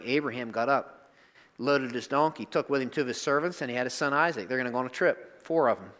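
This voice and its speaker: A pastor preaching a sermon in a conversational, emphatic way. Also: male voice, on the high side, fairly bright tone. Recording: long hall reverb.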